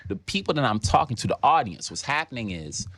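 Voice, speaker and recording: A man's voice: mid-range voice, very animated, fast, fairly bright tone, a little hiss or hum. A young man with a New York accent, a comedian guest on a podcast who speaks in an emphatic, profane way. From New York City. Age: young adult. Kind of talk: casual podcast chat.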